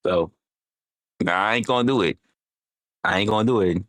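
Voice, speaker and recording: An American man chatting casually on his livestream, animated and rambling, swearing freely and teasing his chat. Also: fairly low pitch, moderate pace, no room sound. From United States. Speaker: livestream host.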